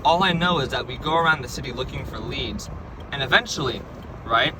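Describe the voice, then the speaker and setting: A man's voice: mid-range voice, a little fast, background noise. A young man casually recounting a strange dream, rambling with stumbling restarts and lots of "right?" and "like". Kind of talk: casual storytelling.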